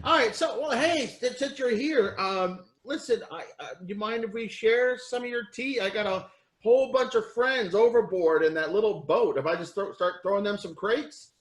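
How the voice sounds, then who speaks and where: A man's voice: sits high, normal speed, echoey room. A man improvising a comedy scene over a video call, eager and stammering. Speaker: improv performer.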